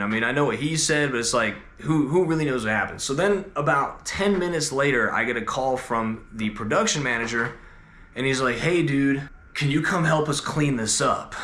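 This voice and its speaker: A man's voice: mid-range voice, bright, forceful tone. Laid-back rambling young man, roomy echo. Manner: laid-back, rambling, heavy filler words. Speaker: host. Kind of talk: casual storytelling.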